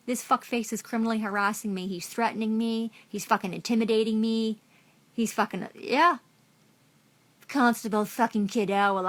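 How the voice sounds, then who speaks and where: A middle-aged woman ranting furiously into the camera, profane and accusatory, repeating herself as she goes. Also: mid-range voice. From Canada. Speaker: vlogger. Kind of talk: angry rant to camera.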